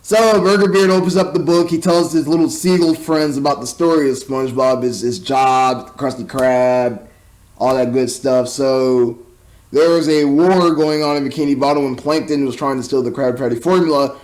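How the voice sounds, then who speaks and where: A man's voice: medium pitch, steady tone, moderate pace, a little mellow, low-quality recording. A young man giving a rambling, exasperated movie review, stumbling and repeating words as he talks. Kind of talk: casual spoken movie review.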